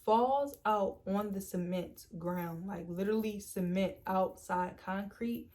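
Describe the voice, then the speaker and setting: A young woman telling a storytime vlog in a chatty, animated way, acting out quoted lines and leaning on "like" and "literally". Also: mid-range voice, slow pace. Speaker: storytime vlogger. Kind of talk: casual storytime.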